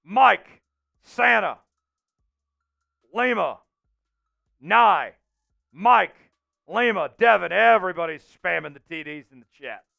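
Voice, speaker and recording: A man hosting a livestream and calling the plays of a simulated football game, reading names from the chat and getting loud on big plays. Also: high voice, takes it slowly, creaky, pauses often. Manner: excitable, shouts out chat names and hypes touchdowns. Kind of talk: live play-by-play commentary.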